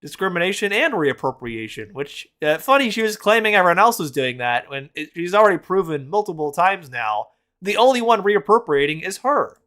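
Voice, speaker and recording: This male host of a laid-back reaction chat has a bright, forceful voice with wide pitch swings and a fairly quick, very animated delivery. His reactions are mocking and blunt, full of casual profanity.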